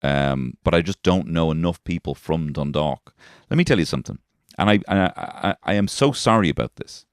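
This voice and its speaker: A man's voice: extremely low pitch, lively intonation, moderate pace, clean tone, dry recording, clean studio sound. A man in his thirties with a Dublin accent, a comedian hosting his own podcast and rambling along in a casual, self-deprecating way with plenty of swearing. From Dublin, Ireland. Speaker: comedian host. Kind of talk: casual solo podcast chat.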